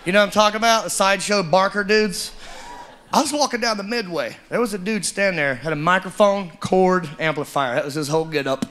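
A man doing a stand-up comedy set, drawling and animated. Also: high-pitched, fairly quick. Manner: drawling storyteller, animated and loud, mimics characters. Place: comedy club stage with live audience. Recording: live club recording, audience noise.

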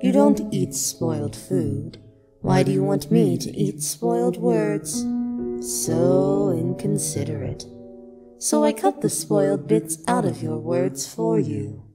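A low, swooping voice belongs to a cryptic hooded ferry monster, played by a woman. It speaks in slow riddles and drifts into sing-song nonsense, with music playing underneath. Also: very animated.

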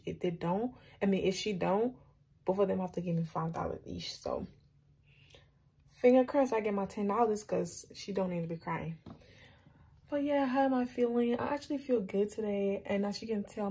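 A young woman in her late teens vlogging at home in casual, chatty, upbeat talk full of slang, now and then dropping into soft whispery asides. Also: medium pitch, husky, rough recording. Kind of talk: casual vlog chat to camera.

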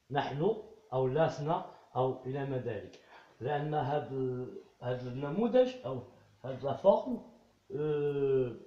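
Man teaching English, roomy sound. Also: mid-range voice. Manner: explains slowly, repeats phrases, switches to Arabic to translate. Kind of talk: bilingual classroom lesson. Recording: roomy, slightly dull recording.

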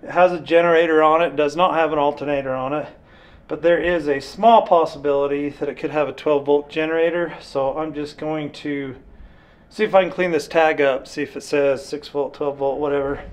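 A man's voice: fairly high pitch, fairly even intonation, brisk. A man talking casually to the camera as he works on an old truck, practical and dryly joking. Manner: easygoing, practical, dry humor. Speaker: mechanic vlogger. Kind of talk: casual shop talk to camera. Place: garage and outdoor yard.

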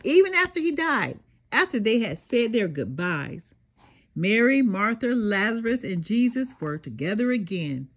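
Slow, lively older woman reading aloud. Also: husky. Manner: slow, sing-song storytelling with dramatic pauses and lowered voice for quotes. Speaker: storybook reader. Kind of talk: expressive children's read-aloud.

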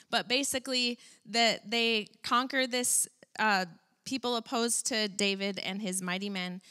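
Bright-voiced woman preaching conversationally. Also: medium pitch, smooth. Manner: conversational, animated preaching with fillers. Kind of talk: sermon. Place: church.

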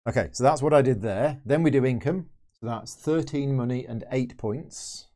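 A man's voice: mid-range voice, normal speed, warm tone. A man hosting a board game channel, thinking aloud as he plays through a solo game and explains each move. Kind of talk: solo game playthrough commentary.

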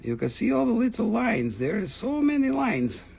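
A man hosting a live gemstone sales stream from home, excitable and casually swearing as he calls out prices. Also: high voice, moderate pace, creaky, slightly rough. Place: home, with his dogs nearby.

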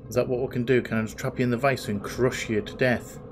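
A man's voice: medium pitch, fairly even intonation, quick pace. A man giving let's play commentary on a game, jumpy and swearing constantly as he talks to the game. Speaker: gaming video host. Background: game music.

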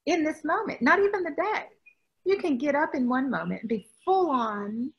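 A woman's voice: high voice, animated, normal speed, highs cut off. A woman from the US South, a spiritual teacher, talking with emphasis in a rambling way, often restarting her sentences. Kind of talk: spiritual talk in conversation.

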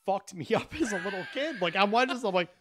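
A man's voice: high voice, lively intonation, fast talker, background noise. A man in his thirties hosting a podcast, telling stories with profane mock outrage. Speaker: podcast host. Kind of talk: casual podcast banter.

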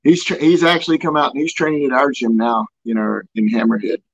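A man's voice: mid-range voice, fairly quick, gravelly. A man who referees fights, telling friendly anecdotes that he laughs along with. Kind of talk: casual interview. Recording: dull lo-fi audio.

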